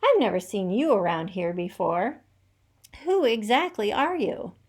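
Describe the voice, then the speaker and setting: A woman's voice: medium pitch, very animated, unhurried. A woman voicing a suspicious male rooster questioning a stranger in a read-aloud storybook.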